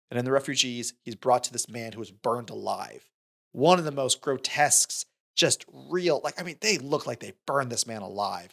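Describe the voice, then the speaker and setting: In a creaky, mid-range voice, a man co-hosting a film podcast chats casually and acts out scenes with energy, often restarting what he's saying.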